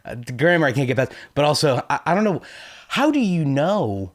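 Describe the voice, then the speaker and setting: A man's voice: on the high side, sing-song, a little fast. Rambling self-deprecating American guy. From United States. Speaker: YouTube host. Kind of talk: casual commentary reading viewer comments.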